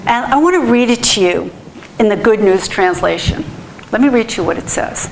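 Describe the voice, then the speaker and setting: A woman's voice: on the high side, lively intonation, normal speed, a little hiss or hum, low-quality recording. A woman pastor giving a heartfelt, earnest sermon in a church, often restarting her sentences.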